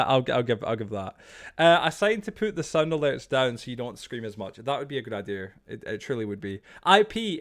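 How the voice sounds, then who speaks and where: A young man hosts a casual live stream from his room at home. He rambles in a chatty, loose way and laughs easily. His voice sits at an ordinary middle pitch for a man.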